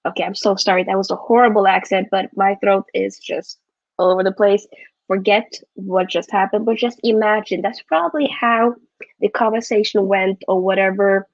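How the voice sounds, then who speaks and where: A woman's voice: medium pitch, steady tone, moderate pace, no room sound, dull audio. Chatty woman hosting a football watchalong. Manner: chatty, rambling with self-corrections. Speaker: football vlogger host. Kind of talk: casual live watchalong chat.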